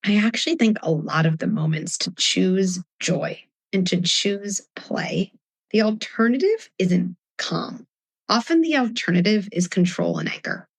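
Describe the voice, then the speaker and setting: A woman in her forties speaks as a parenting expert before an audience, animated and quick to act out scenes with her kids. Her pitch sits in an ordinary middle range. The sound is dry and close. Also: gravelly, breathy edge, dry recording. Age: 40s. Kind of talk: live talk before an audience.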